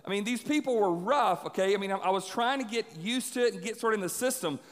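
High-voiced preacher in a reverberant hall. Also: male voice, quick pace. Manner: animated storyteller, acts out voices. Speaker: pastor. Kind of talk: sermon with personal stories.

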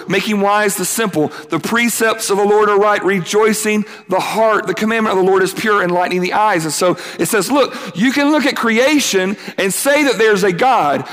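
Camp speaker, man, high voice, big reverberant hall, lively call-and-response preaching. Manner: energetic, quick, acts out quotes, asks the crowd to answer back. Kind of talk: youth camp sermon.

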